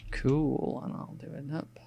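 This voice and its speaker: A man from Australia with a gravelly, low-creaking voice, talking through a drawing as he works. His delivery stays flat and even, loose and rambling, and his accent is Australian with a bit of picked-up English polish. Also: unhurried, lo-fi sound. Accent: Australian, with some English RP picked up. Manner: relaxed and rambling, thinking aloud with many fillers. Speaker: artist streaming a sketch. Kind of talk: casual narration while drawing.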